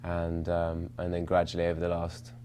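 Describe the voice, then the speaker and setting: A young actor with a notably low voice, chatting through interview questions. He rambles, restarts his sentences and pokes fun at himself, with plenty of fillers along the way. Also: monotone, normal speed, mellow, a little hiss or hum. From England, London. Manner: rambling, self-mocking, many fillers and restarts. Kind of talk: casual interview answers.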